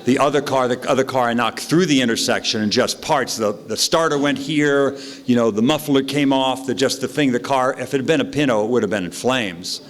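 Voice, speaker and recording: Male AA meeting speaker, animated storyteller, loose delivery with sound effects. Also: mid-range voice, brisk, hardly any pauses. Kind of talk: recovery story told to a meeting.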